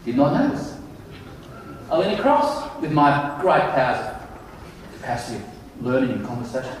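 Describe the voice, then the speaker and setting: Brief: middle-aged male keynote speaker, animated and self-mocking, a little high, echoey and distant in a big hall. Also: moderate pace, pauses often, a little hiss or hum. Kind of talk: conference keynote storytelling. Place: large conference hall. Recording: echoey hall, mic heard from afar.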